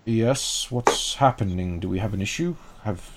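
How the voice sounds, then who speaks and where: A man's voice: lowish voice, moderate pace, very noisy, lightly acted. A man voicing a sleepy, courteous male temple priest who speaks politely and hesitantly. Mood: puzzled.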